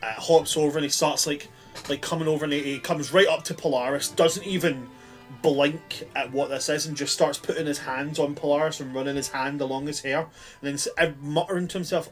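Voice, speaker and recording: A man's voice: a little high, steady tone, brisk, soft background music. A man narrating a tabletop game as game master, rambling through lots of fillers.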